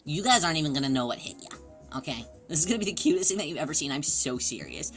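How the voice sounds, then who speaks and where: A woman livestreamer chatting casually with her viewers, excitable and gushing as she greets people in chat. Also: low voice, very fast, soft background music.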